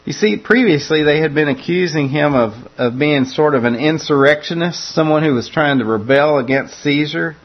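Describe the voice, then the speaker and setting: A man's voice: fairly high pitch, moderate pace, hardly any pauses, highs cut off. A man preaching a conversational sermon that walks through a scripture passage, often repeating words as he restarts his phrases.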